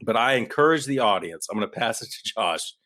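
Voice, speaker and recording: A man's voice: on the low side, animated, a little fast, sharp tone. A man co-hosting a podcast, ranting in a heated, worked-up way into a studio mic. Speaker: podcast co-host. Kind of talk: political podcast rant.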